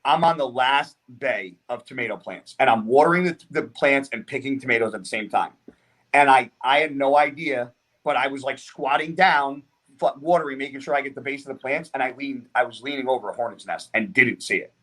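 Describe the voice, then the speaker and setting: A man telling a story on a podcast, animated and rambling, with lots of swearing. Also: medium pitch, fairly quick. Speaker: podcast guest. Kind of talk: casual storytelling.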